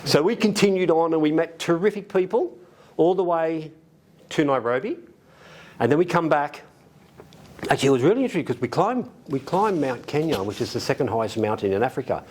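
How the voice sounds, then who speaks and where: Lively Australian man telling stories. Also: fairly high pitch, a little fast. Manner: animated, acts out quoted voices, laughs often. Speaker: storyteller. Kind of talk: casual anecdote telling. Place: library event room.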